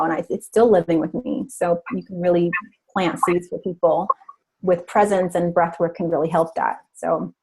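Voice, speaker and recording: A woman's voice: fairly low pitch, darkish tone, breathy edge, rough recording. A woman speaker trainer telling a story and teaching breath work in an earnest, casual way.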